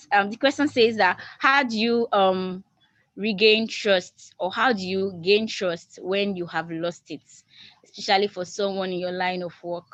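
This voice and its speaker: A woman's voice: medium pitch, a bit bright, dry recording. A woman moderating a video call Q&A, reading questions aloud with hesitant restarts. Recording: dull lo-fi video call audio.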